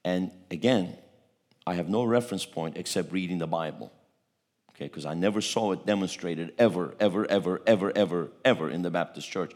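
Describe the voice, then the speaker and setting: A man's voice: sits low, brisk, a little mellow. A man preaching a testimony sermon, telling a story with repeated words and a voice that swells at its peaks.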